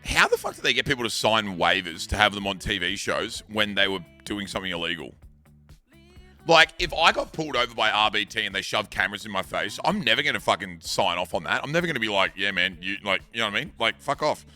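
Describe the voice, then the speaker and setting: Aussie streamer guy rambling casually, swears a lot, bright voice, a little music behind. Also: fairly low pitch, big pitch swings, fast. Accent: Australian. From Australia. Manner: laid-back, swearing, rambling storytelling.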